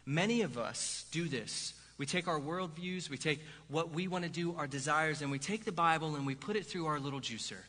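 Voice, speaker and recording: A pastor preaching a sermon in a lively, conversational way, with "right?" asides to the congregation. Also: male voice, a little high, normal speed, few pauses. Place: church sanctuary. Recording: hall reverb.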